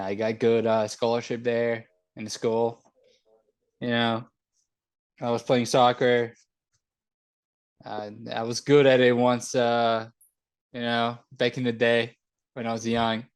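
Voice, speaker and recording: A man's voice: mid-range voice, little pitch movement, unhurried, pauses often, smooth. A young man from the country of Georgia, a podcast guest chatting casually and joking. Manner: laid-back, joking, slangy. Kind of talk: casual chat.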